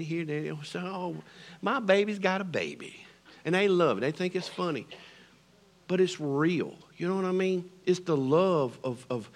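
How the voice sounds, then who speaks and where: A middle-aged man with a Southern American accent preaching a sermon, swinging between loud declarations and hushed near-whispers. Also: high-pitched, gravelly. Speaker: pastor.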